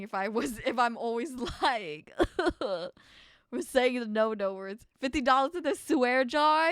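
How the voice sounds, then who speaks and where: A woman streaming a game, reading its dialogue and chatting with viewers in an animated, indignant way. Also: high voice, dry recording, studio quality.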